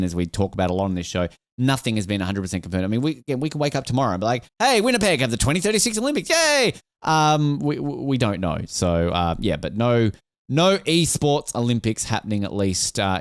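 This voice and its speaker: Lively man, dry close mic. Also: medium pitch, no echo. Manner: animated, jokey, slips into silly quoted voices. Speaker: podcast co-host. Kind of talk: casual podcast chat.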